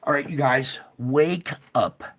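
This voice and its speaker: A man talks his viewers through space-weather charts on a live stream, slow and deliberate, yet alarmed and emphatic. He keeps asking whether they see it, jumping from loud bursts down to muttered asides. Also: mid-range voice. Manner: urgent, pointing things out, frequent "okay?" and "all right?" checks to viewers. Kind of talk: live stream commentary over screen charts.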